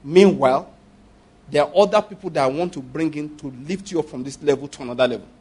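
Male pastor, somewhat higher voice, husky, animated sermon delivery. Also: fast talker. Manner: animated preaching with rhetorical questions and acted prayers.

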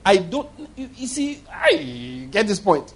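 A man's voice: sits high, sing-song, takes it slowly, gravelly, breathy edge. A middle-aged man preaching a sermon, telling stories with emphatic repetition. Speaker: pastor.

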